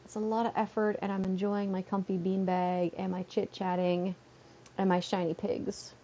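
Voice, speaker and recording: A woman's voice: medium pitch, little pitch movement, normal speed, mellow, dull audio, a little hiss or hum. A woman from Canada chatting casually on a livestream at home, rambling with lots of "like" fillers. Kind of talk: casual chat. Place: at home, seated on a beanbag.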